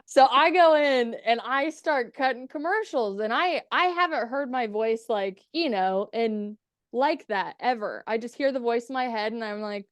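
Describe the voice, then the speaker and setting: Young woman, podcast guest, chatty and profane, smooth clear voice, dry sound. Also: fairly high pitch, expressive, a little slow, no echo. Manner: candid, profane, acts out quoted dialogue. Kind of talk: casual storytelling interview.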